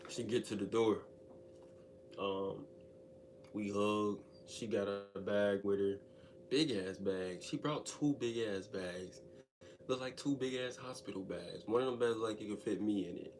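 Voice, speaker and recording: A man telling a story in a casual storytime monologue, slangy and animated, and speaking directly to his listeners. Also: lowish voice, moderate pace, a little hiss or hum.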